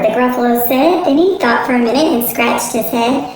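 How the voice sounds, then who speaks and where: A woman teacher from the northern United States reading a children's picture book aloud in a clear, lilting way. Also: a little high, moderate pace, few pauses. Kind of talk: children's storybook read-aloud. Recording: roomy echo, faint music.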